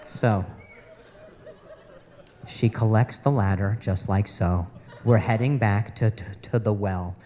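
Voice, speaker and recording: A male stand-up comedian telling an exasperated story on stage, animated and stammering over repeated words, into a handheld mic. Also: on the low side, slow pace, pauses often, long reverb tail, a faint crowd.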